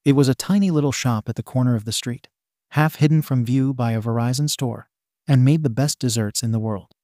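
A man narrating a fan fiction story in an even, steady reading style. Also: medium pitch, fairly quick, dry recording, clean studio sound.

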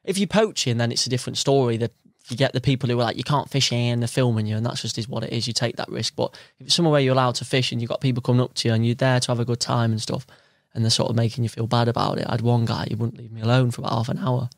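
Speaking very fast in a gravelly, steady, medium-pitched voice, a young adult from London chats casually as a podcast's guest angler. He tells stories easily, performing quoted voices, and the studio-quality recording has no echo.

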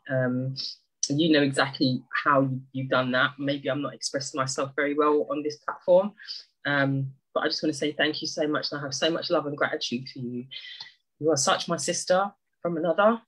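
A woman speaking on a video call, giving an emotional, halting thank-you to a friend and neighbour, often apologising and restarting. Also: deep voice, fairly even intonation, fairly bright tone, slightly rough, poor audio.

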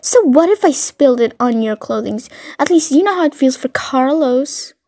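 A woman's voice: sits high, lively intonation, moderate pace, warm tone. A woman voicing an obsessive, hostile teenage girl who snaps back indignantly in an audio fan story. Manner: snappy, indignant.

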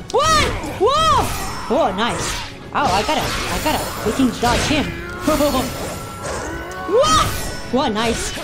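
A woman streaming a game playthrough, yelling and squealing in excited reactions as she plays. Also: high-pitched. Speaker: gameplay streamer. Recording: loud game music behind.

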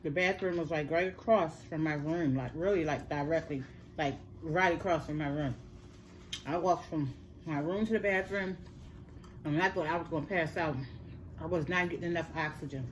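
A woman's voice: deep voice, moderate pace, slight background noise. Chatty middle-aged woman telling her story. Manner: chatty, earnest storytelling, addresses viewers as y'all. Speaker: mukbang vlogger. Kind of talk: casual chat to viewers.

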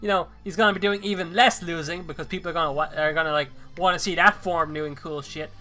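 A man with a high, very bright voice rambles casually through a podcast discussion, full of fillers and quick laughs. Faint music sits behind him. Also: fairly even intonation. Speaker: podcast host. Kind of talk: casual chat.

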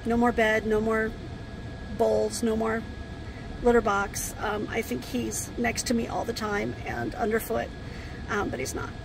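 Grieving woman, gravelly, halting speech, air conditioner humming loudly behind. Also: fairly high pitch, little pitch movement, background noise. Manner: halting, with many pauses and fillers. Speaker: RV vlogger. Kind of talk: casual talk to camera. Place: inside an RV.

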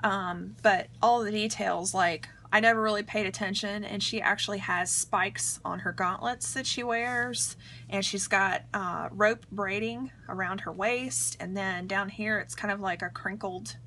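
Bright-voiced chatty young woman vlogging. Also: medium pitch, steady tone, a little slow, slight background noise. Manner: chatty, filler-heavy, enthusiastic. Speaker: vlogger reviewing a book. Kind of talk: casual book review chat. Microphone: camera mic.

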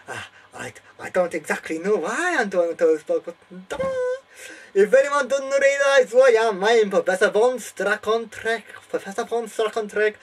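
A young man voicing an excitable German male mad professor who shows off his invention, with a put-on German accent and a theatrical delivery full of sudden cries. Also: slight background noise, rough recording. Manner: shrill, theatrical, bursts into cries.

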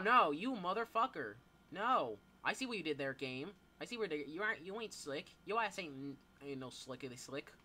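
A teenage boy giving live gameplay commentary, excitable, yelping and swearing as things happen. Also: sits high. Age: teens. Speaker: gamer.

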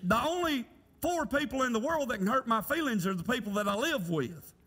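High, bright-voiced preacher. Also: male voice, lively intonation, fairly quick. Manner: folksy, conversational preaching with rhetorical questions. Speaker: pastor. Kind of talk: sermon. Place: church sanctuary. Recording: church hall reverb.

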